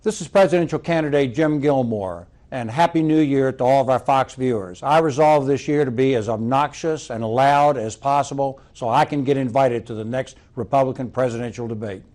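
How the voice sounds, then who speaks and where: Brief: male candidate, deadpan joking greeting, mid pitch. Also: a little fast, few pauses. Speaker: presidential candidate. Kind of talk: recorded New Year greeting.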